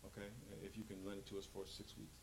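A man preaching a sermon as pastor, animated and joking, acting out quotes. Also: fairly low pitch, quick pace, vocal fry, slight background noise, rough recording.

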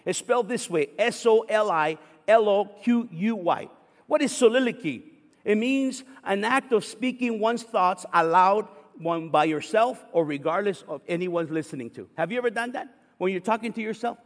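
Reading scripture and telling a story with growing fervor, this pastor preaches in a high voice at a moderate pace. The hall around him is echoey, with a long reverb tail.

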